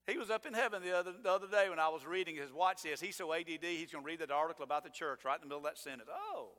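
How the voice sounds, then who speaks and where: Bright-voiced preacher man in a church hall. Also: a little high, rapid-fire. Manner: conversational, emphatic preaching with sarcastic asides. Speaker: pastor. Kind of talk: sermon. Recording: long reverb of a church hall.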